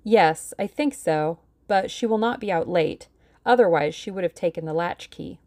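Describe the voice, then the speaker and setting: A woman voicing an eager, excitable young woman who speaks quickly and brightly. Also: lowish voice, dry recording, clean studio sound, close to an everyday voice.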